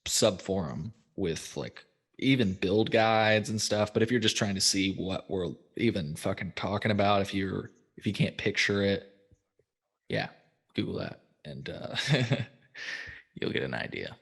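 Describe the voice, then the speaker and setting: Chill guy hosting a podcast, lowish voice, swears a lot, rambles w fillers. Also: expressive, measured pace, creaky, breathy edge. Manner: laid-back, swears freely, lots of fillers. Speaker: podcast host. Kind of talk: casual chat.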